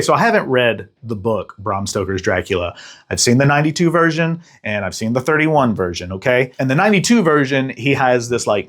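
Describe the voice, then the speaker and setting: Dude recapping an old movie, jokey, slangy, does little voices. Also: male voice, mid-range voice. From Texas. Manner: joking and slangy, with quick acted-out voices. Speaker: podcast host and film reviewer. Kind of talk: casual comedic movie recap.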